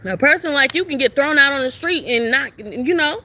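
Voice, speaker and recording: Angry high-voiced young woman ranting. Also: lively intonation, brisk, bright, forceful tone, a little hiss or hum. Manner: confrontational, profane, repetitive questioning. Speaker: livestreamer. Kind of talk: venting live-stream rant. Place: outdoors at a shelter. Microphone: phone.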